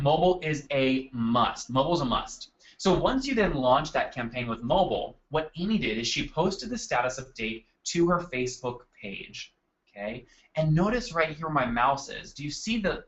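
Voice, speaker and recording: A man's voice: on the high side, animated, normal speed, dull audio. A man hosting a live marketing webinar, talking energetically and calling out attendees by name from his desk. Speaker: webinar host. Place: home desk.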